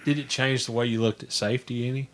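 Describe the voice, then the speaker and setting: A man interviewing a guest, asking low-key, prompting questions. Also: steady tone, fast.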